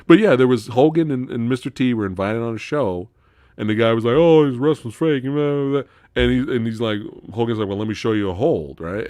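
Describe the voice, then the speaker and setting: A man's voice: medium pitch, dry recording, studio quality. A man hosting a casual live stream, telling stories with lots of swearing and laughter. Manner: profane, animated storytelling with frequent laughter. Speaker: host.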